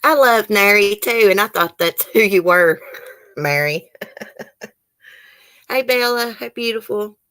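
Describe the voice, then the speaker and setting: A woman's voice: medium pitch, animated, moderate pace, fairly bright tone. A woman hosting a casual live stream, chatting with viewers and reading their comments aloud. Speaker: YouTube host.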